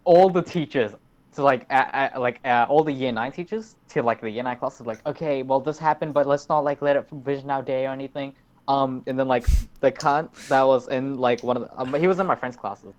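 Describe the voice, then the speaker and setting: A man's voice: medium pitch, a little fast, a little mellow. A teenage man, rambling through a story in casual podcast chat and swearing a lot. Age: teens. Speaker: podcast host. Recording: dull lo-fi recording.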